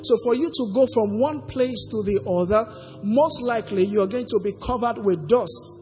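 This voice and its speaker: In a church sanctuary, a man preaches a sermon and asks the congregation to finish the verses along with him. His voice is high-pitched with a darkish tone at a moderate pace, and the recording carries long hall reverb and faint music.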